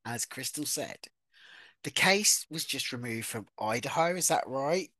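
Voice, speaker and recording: A podcast co-host, chatting casually in an animated, gossipy way with the odd swear. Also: mid-range voice, unhurried, no room sound. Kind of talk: casual chat.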